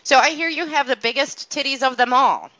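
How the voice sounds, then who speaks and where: A woman's voice: high voice, brisk, bright, forceful tone, no echo, lo-fi sound. A woman hosting a call-in chat, brash and joking with lots of swearing. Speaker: host. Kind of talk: casual podcast chat.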